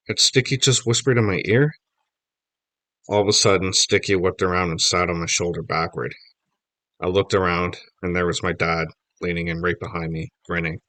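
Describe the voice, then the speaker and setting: A man reading a children's novel aloud, telling the story lively in first person. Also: low voice, normal speed, no room sound. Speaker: audiobook reader.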